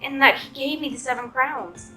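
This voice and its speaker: Woman doing a sweet worried little girl in a storybook, a bit higher and pleading. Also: normal speed, bright, forceful tone, soft background music. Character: young girl heroine, earnest and anxious.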